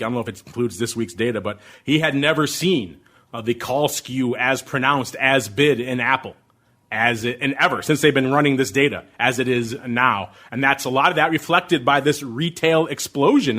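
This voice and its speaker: A middle-aged man hosting a podcast, answering listener questions about options trading in an excitable, ramped-up way. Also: mid-range voice. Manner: excitable, fast, ramped-up delivery. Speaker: podcast host.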